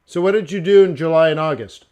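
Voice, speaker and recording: A man hosting a casual forex trading live stream, talking through charts in a joking, animated way. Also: fairly high pitch, fast talker, muffled recording. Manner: chatty, joking, animated asides with mock voices.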